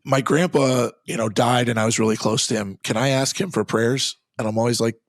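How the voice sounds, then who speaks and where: A man's voice: medium pitch, steady tone, a little fast, no echo. A man, a guest on an interview show, earnestly recounting an exorcism he took part in, in a conversational storytelling manner with frequent restarts.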